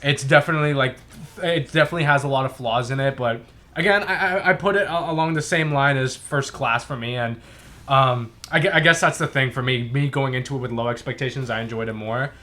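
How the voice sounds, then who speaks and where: A young man co-hosts a casual movie talk, his voice sitting at an ordinary pitch for a man. He gets excitable, swears freely and laughs often as he talks. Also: fast talker. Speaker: podcast co-host. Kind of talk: casual movie review chat.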